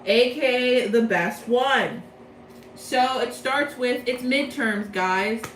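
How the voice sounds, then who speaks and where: A young woman recapping a plot from memory in a casual, rambling, excitable way, often correcting herself. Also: a little high, echoey room, slight background noise, low-quality recording. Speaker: video creator.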